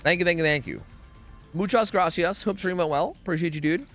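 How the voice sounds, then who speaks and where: Soft music runs under this young man from the United States, whose voice sits high, a bit bright, and fairly quick. Streaming a game, he chats loosely, wandering off topic, cursing, and humming along.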